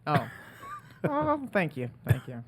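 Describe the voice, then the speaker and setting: A woman's voice: sits low, wildly swooping pitch, takes it slowly, breathy edge. Giggly woman on a casual podcast. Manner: giggly, hesitant with fillers. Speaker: guest.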